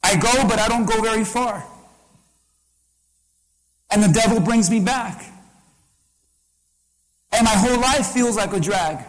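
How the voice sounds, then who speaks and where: High-voiced impassioned male preacher. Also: measured pace, pauses often, in a large hall, rough recording. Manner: impassioned, repetitive preaching cadence. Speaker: pastor. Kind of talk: sermon.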